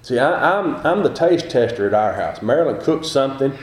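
A man's voice: medium pitch, very animated, fairly quick. An older man preaching a sermon in a folksy, conversational way, asking his listeners rhetorical questions. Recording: echoey room.

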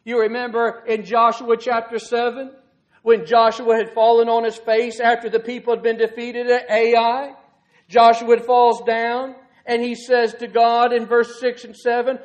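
A man's voice: extremely high pitch, flat delivery, normal speed. A man preaching a sermon in an earnest, folksy way, asking rhetorical questions and building to dramatic emphasis.

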